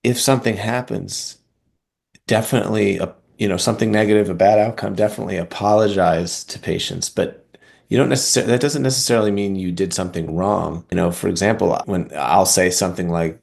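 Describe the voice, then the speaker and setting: A male oral surgeon guest on a podcast, speaking in a relaxed, reflective way with frequent fillers. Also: low voice, brisk, creaky. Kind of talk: conversational podcast interview.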